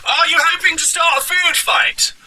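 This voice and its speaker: A man putting on a piercing, high voice for a zealous male Christian commenter. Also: fairly even intonation, pushed and bright, distant mic, a little hiss or hum, full character voice. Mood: zealous taunting. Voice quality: piercing, slowed.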